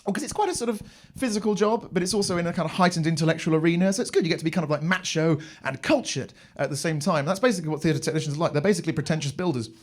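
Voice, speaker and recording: A man's voice: fairly high pitch, rapid-fire, few pauses. A young English man performing a live stand-up routine on a comedy club stage, telling rambling stories with crude swearing.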